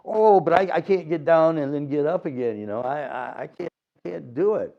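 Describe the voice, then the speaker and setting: A man voicing a boastful male hobo who spins tall tales, in a high wheedling put-on voice. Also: normal speed, vocal fry, dull audio. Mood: whiny excuses.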